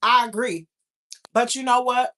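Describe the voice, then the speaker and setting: A young woman hosting a casual livestream, reading viewer comments and telling stories in a blunt, profane, animated way. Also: on the high side, unhurried. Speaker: livestream host.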